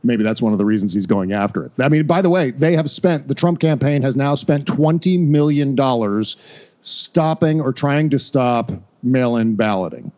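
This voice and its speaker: A man's voice: mid-range voice, moderate pace, darkish tone, dull audio. A man talking as a podcast guest in casual political chat, wry and rambling, often restarting and laughing.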